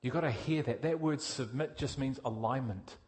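A male preacher giving a sermon, energetic and direct, asking his listeners questions and swinging from loud emphasis to quiet intensity. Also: medium pitch, normal speed.

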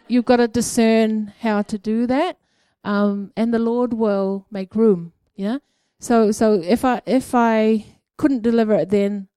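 A woman sharing her prophetic experiences at a church gathering, speaking in a halting, conversational way with many ums and a habitual "eh?". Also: mid-range voice, dark tone, clean tone, dry recording. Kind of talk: informal church teaching talk.

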